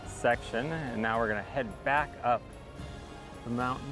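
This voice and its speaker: A man's voice: mid-range voice, moderate pace. A man vlogging a mountain coaster ride outdoors, exclaiming and laughing as he rides, with music behind him. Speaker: travel vlogger riding a coaster. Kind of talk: excited on-ride commentary.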